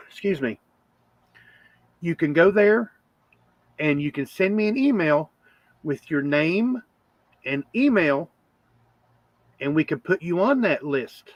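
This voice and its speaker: A man's voice: fairly high pitch, expressive, slow pace, long pauses, fairly bright tone, no room sound. A man hosting a casual livestream chat, rambling with lots of fillers. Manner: rambling, chatty with frequent fillers. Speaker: channel host.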